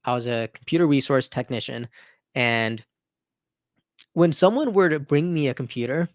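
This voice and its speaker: A man's voice: on the high side, animated, moderate pace, no room sound, clean studio sound. Earnest, enthusiastic man live-streaming. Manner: earnest and enthusiastic, with frequent restarts and "right?" tags. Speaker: livestream host. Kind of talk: casual live-stream chat.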